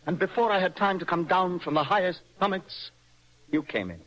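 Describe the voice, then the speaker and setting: An actor playing a nervous, dreamy young poet in a radio stage play, speaking in a poetic, impassioned way. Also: male voice, high voice, expressive, a little fast, a bit bright, low-quality recording. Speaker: young poet in love with a married woman.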